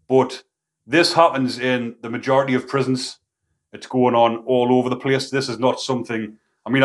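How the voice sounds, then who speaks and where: A man hosting his own channel, talking casually and rambling with informal slang, a little out of breath. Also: mid-range voice. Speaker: channel host. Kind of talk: casual talk to camera.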